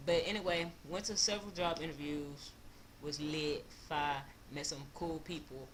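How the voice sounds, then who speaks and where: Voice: medium pitch, fairly even intonation, normal speed, fairly bright tone, slight background noise. Laid-back young vlogger with a Louisiana accent. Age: about 20. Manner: slangy, laid-back, loose storytelling. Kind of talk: casual storytime vlog.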